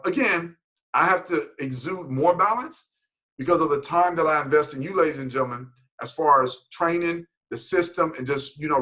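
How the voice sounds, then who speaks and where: A man leading a motivational team call, energetic and preachy, repeating himself for emphasis. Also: on the high side, poor audio. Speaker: team leader.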